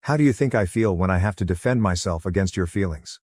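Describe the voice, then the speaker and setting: A sarcastic, scornful young girlfriend, read by a male narrator mocks her partner in a low voice lifted slightly higher. The delivery is cutting and dismissive, and the sound is close and dry. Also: lively intonation, fast, a little mellow, husky, no echo. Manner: sarcastic, mocking.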